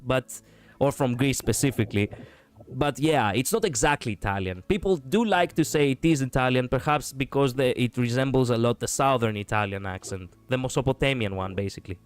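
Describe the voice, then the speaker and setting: A man's voice: mid-range voice, brisk. A man from Europe hosting a livestream, chatting casually, rambling and repeating himself with frequent laughs. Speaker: streamer host.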